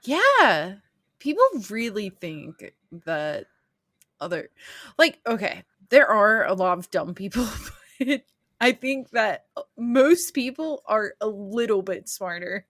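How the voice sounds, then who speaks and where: A woman's voice: mid-range voice, sing-song, slow pace, fairly bright tone, dry recording, clean studio sound. A woman co-hosting a podcast in casual chat, wry and laughing about work. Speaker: podcast co-host.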